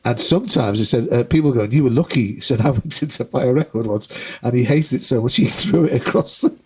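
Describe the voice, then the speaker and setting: A man on a casual podcast, telling animated stories and acting out the people in them, with a free hand for swearing. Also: medium pitch, a little fast, breathy edge. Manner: animated storyteller who acts out the people in his stories, swears freely. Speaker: guest comedian and musician.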